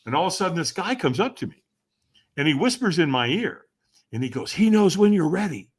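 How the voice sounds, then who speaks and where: A man who is a guest on a podcast, telling a story dramatically and acting out the voices and shouts of the people in it. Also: a little high, big pitch swings, a little fast, husky. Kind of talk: animated storytelling.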